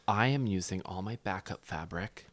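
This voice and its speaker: A man co-hosting a casual recap chat, telling animated stories with sudden loud yelps and laughs. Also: deep voice, moderate pace. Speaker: podcast co-host and former contestant.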